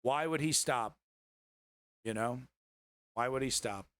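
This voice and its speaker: A man's voice: medium pitch, slow, a bit bright, clear, resonant tone, no echo. Sarcastic, indignant male streamer. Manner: sarcastic, indignant, swearing freely. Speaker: live-stream news commentator. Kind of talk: casual news commentary.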